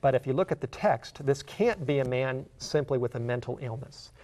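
A man teaching a Bible study, who reads scripture slowly and asks the listener earnest questions. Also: medium pitch, lively intonation, warm tone. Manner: earnest, slows down to read scripture aloud.

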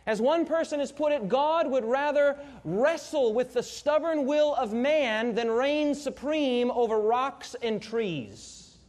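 High-voiced man preaching a sermon. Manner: storytelling, asks the congregation questions.

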